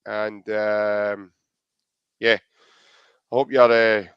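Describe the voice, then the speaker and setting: A man's voice: fairly low pitch, little pitch movement, very slow, smooth, dry recording, dull audio. Chatty Scottish man, dry close sound. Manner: jokey, chatty, reads out viewer comments. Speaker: podcast co-host. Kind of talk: casual live podcast chat.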